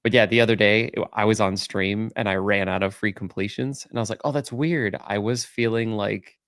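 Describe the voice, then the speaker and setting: Low-voiced relaxed podcast co-host man. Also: a little fast, smooth, no echo, clean studio sound. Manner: relaxed, rambling with many "like"s. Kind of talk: casual chat.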